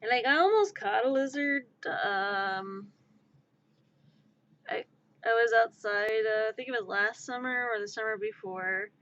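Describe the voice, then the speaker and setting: A woman's voice: a little high, expressive, measured pace, fairly bright tone, highs cut off. A woman streamer chatting casually on a live stream, giggling and rambling, easily amused.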